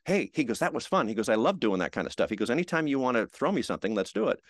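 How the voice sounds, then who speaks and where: An older American man, a veteran TV host, telling showbiz anecdotes in a relaxed interview and acting out the quotes. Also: medium pitch, very fast, dry recording, clean studio sound. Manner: animated anecdotes, acts out quotes. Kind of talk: storytelling chat.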